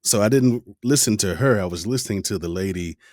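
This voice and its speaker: A man's voice: fairly low pitch, a little fast, a little mellow, no echo, clean studio sound. A man hosting a podcast interview, talking in a laid-back, reflective way. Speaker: podcast host. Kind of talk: casual interview chat.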